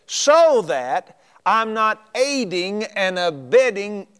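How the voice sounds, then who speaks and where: A man with a notably high voice preaches a sermon. He drags out key words and jumps up in pitch for emphasis as he retells a story and recites scripture. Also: very animated, takes it slowly, fairly bright tone, smooth.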